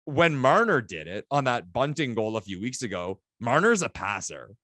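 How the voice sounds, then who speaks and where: Excitable man on a dry mic. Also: mid-range voice, normal speed, dry recording. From Canada. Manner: excitable, animated storytelling with laughs. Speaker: podcast co-host. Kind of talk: casual sports podcast chat.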